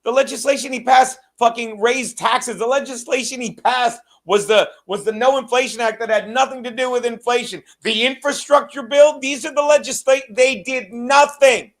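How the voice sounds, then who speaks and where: A man's voice: very high-pitched, steady tone, normal speed, few pauses, fairly bright tone. A male host ranting about politics, swearing constantly and hammering the same phrase over and over. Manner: profane, ranting, repetitive. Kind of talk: heated political commentary.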